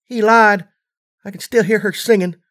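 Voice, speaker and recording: Little filly pony, high girlish voice, folksy slang, blunt. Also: steady tone, normal speed, fairly bright tone.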